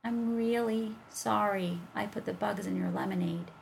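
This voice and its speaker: A woman reading aloud, voicing a young girl in a high voice. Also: fairly even intonation, moderate pace, vocal fry, slight background noise. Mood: apologetic. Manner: high, bright delivery. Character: girl, earnest and quick.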